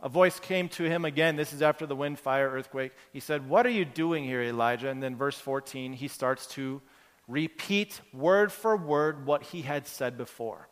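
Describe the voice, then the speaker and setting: A man's voice: medium pitch, moderate pace. A man preaching a sermon as pastor, in a conversational, earnest way, building his points from everyday examples. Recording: long hall reverb.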